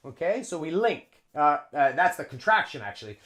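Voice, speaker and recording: A man teaching English pronunciation in a lesson, repeating phrases slowly to model how sounds link. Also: on the high side, sing-song, a bit bright. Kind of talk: explanatory lesson with spoken examples.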